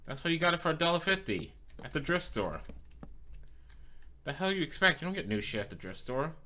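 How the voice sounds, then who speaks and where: A man's voice: a little high, sing-song, fairly quick, sharp tone. A male streamer chatting casually while he plays, teasing his chat playfully and swearing freely.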